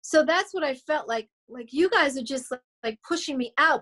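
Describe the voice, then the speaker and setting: A woman's voice: high voice, animated, normal speed, fairly bright tone. A middle-aged woman, a singer being interviewed, speaking bluntly and emphatically, swearing freely and acting out what others said. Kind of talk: candid interview chat.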